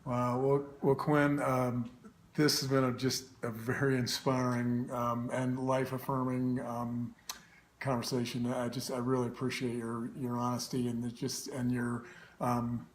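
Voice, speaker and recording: A man hosting a live interview, asking thoughtful questions with many restarts and pauses. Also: medium pitch, completely flat delivery, a little hiss or hum. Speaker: host.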